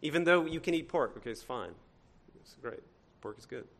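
Speaking fairly quickly with lively intonation, a pastor delivers a conversational sermon in church, throwing rhetorical questions at his congregation and shifting between loud and hushed. His voice is fairly high for a man, and his accent blends Cajun with northern US speech.

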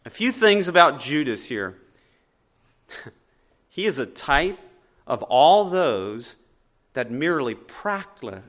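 A man preaching a sermon as pastor, swinging between loud emphatic points and quiet asides. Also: a little high.

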